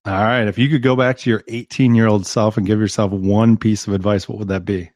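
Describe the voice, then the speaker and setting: A man's voice: fairly low pitch, steady tone, brisk, darkish tone, dry recording, clean studio sound. An American man hosting a podcast interview, enthusiastic, laughing often and stumbling over repeated words. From United States. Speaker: podcast host. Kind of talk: casual interview.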